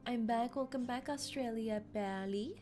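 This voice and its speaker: With loud music playing behind her, a young woman with a highish voice reads a story game's text aloud on stream at a normal speed. She's bubbly and playful, often laughing, gasping, and joking in between the lines.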